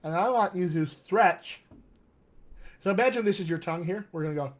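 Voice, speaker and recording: Male dialect coach, upbeat live-stream teacher, a touch high-pitched, reads viewer comments. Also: brisk. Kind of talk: live-streamed vocal exercise lesson.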